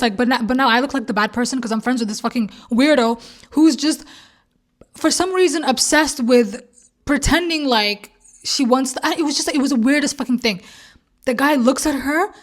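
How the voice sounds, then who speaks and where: A young woman with a slightly high voice tells a casual storytime vlog. She is animated and acts out each quoted line, swearing freely as she goes. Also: fairly quick. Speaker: vlogger.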